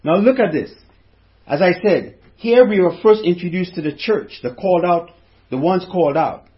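A man with a high voice preaches a sermon, stopping often to put questions to his listeners. The recording is dull and lo-fi. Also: normal speed. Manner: preaching with rhetorical questions to the congregation. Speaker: pastor.

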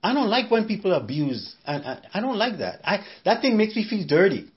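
High-voiced man preaching emphatically. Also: sing-song, brisk, muffled recording. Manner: emphatic, repeats phrases, rhetorical questions. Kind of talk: sermon.

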